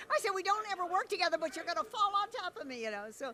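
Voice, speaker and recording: A woman's voice: extremely high pitch, very animated, fast talker, heavy background noise. A woman, a soap opera actor, reminiscing casually and chattily in an interview.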